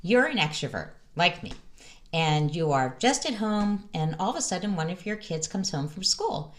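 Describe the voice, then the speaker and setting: Vlog host, middle-aged woman, low voice, very animated delivery. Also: moderate pace. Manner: lively, animated storytelling with acted-out quotes. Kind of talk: casual advice vlog.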